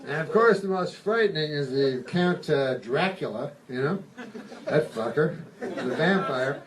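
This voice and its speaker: A man doing stand-up, with a rambling deadpan delivery full of swearing and sudden reversals, recorded live in a comedy club. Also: a little high, a little slow, background noise. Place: comedy club stage with live audience laughing. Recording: bootleg audience recording, distant. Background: audience laughter.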